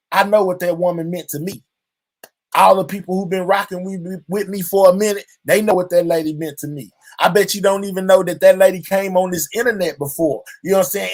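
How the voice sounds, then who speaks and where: Man, fairly high voice, reflective personal monologue, casual, earnest, repetitive fillers. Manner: drawling, fills nearly every line with "you know what I'm saying"; earnest and reflective, speaking openly to his audience. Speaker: channel host. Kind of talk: heartfelt personal monologue to viewers.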